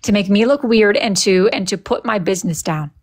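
A woman's voice: mid-range voice, brisk. A young woman hosting a casual livestream, reading viewer comments aloud in a sassy, dramatic, playful way. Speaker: livestream host.

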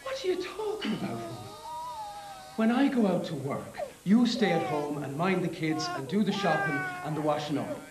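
An actor with an Irish accent playing a bossy, indignant 1950s Irish husband in a comedy sketch, scolding and lecturing. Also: male voice, on the high side, sing-song, normal speed, echoey room, over music, low-quality recording. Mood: blustering.

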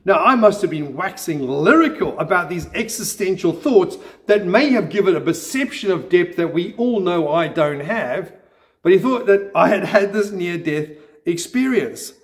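A man, the pastor of a church, preaching a sermon with earnest delivery and gentle self-deprecating humor. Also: high-pitched, expressive, moderate pace.

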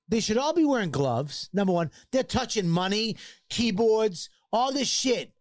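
A brash male comedian co-hosting a podcast, loud and crude as he riffs through bits. His voice sits a little high and the sound is dry and close. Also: sing-song, a little slow, no room sound. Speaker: podcast co-host. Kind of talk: casual comedic chat.

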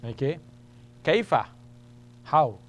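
An Arabic teacher gives a beginners' classroom lesson, patiently explaining and repeating every point step by step. His voice is on the high side and sing-song, and he speaks slowly.

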